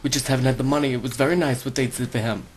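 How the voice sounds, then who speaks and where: A man's voice: medium pitch, steady tone, racing, a little hiss or hum, close to an everyday voice. A man voicing a touchy woman vlogger who talks back in a defensive, exasperated way.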